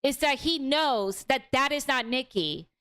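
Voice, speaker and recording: A young woman hosting a casual livestream movie review, animated and outspoken, swearing freely as she recounts the plot. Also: high voice, a little slow, clear, resonant tone.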